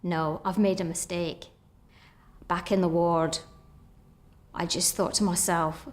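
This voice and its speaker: A woman's voice: on the low side, measured pace, pauses often, darkish tone. A middle-aged woman telling her own story earnestly, often voicing her past thoughts as quotes. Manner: earnest, reliving moments in inner-voice quotes. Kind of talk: personal storytelling.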